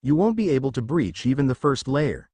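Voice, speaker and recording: A man's voice: medium pitch, sing-song, fairly quick, warm tone, slightly rough, no room sound. A man voicing a tense young woman army commander who barks orders and snaps back with retorts.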